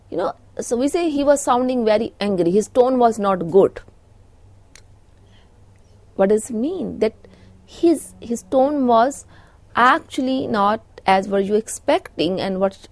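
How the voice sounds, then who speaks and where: A woman's voice: on the high side, creaky, a little mellow, dry recording. A middle-aged woman with an Indian English accent giving a recorded lecture, explaining points with frequent "you know" fillers.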